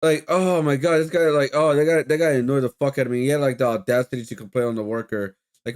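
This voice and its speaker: A man's voice: medium pitch, fairly even intonation, fast, a little mellow. A man streaming, telling a rambling story in casual chat with lots of fillers and swearing.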